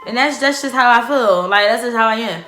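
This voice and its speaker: A young woman telling a profane storytime, acting out quoted dialogue with loud outbursts. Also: on the high side, brisk. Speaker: vlogger. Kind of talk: storytime vlog. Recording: echoey room with faint music.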